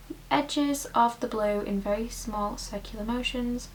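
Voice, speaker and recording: Chatty woman, higher voice. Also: a little slow, a bit bright, low-quality recording. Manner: chatty and rambling, full of "like" and "you know". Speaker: makeup vlogger. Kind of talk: casual makeup tutorial. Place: at home.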